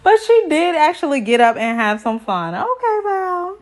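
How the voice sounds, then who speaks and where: A woman's voice: high voice, big pitch swings, normal speed. A woman recapping a reality show in a sassy, chatty way, full of slang asides. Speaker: TV recap vlogger.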